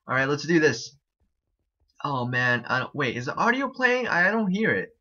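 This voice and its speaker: A young man chatting excitably and repeating himself as he gives casual commentary on a game he is playing. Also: on the high side, normal speed, breathy edge. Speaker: gaming YouTuber. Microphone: desk mic, no headset. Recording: dull lo-fi home recording.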